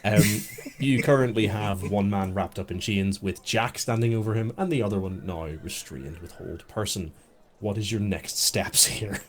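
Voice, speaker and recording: A man's voice: lowish voice, normal speed. A British man narrating a tabletop game as game master, chatty and explaining rules with laughs.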